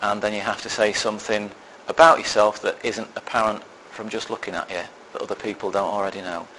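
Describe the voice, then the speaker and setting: A man's voice: on the low side, little pitch movement, a little fast, sharp tone, slight background noise, low-quality recording. Man telling a humorous sermon story. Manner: self-deprecating storytelling with dry humour. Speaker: lay preacher.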